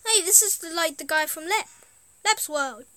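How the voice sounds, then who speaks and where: A woman's voice: very high-pitched, animated, normal speed, pushed and bright, no echo. A woman hosting a gameplay video, rambling casually and reacting with easy amusement, often trailing off mid-thought. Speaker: gaming video host.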